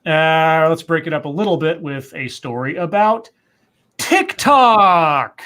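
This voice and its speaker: A man's voice: a little high, normal speed, fairly bright tone. A man co-hosting a livestream, reading news articles aloud and breaking in with asides and self-corrections. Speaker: co-host.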